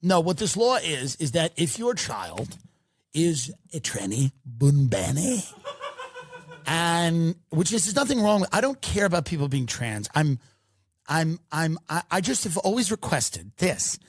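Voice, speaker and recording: A man's voice: fairly high pitch, very animated, measured pace. A man hosting a podcast, delivering a mocking comedic rant and swearing freely. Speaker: podcast host.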